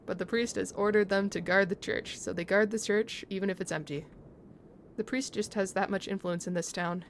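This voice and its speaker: A woman's voice: medium pitch, steady tone, normal speed. Brief: chatty woman streamer reading a game story to chat, faint noise behind. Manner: chatty, laughing, muses on pronunciation.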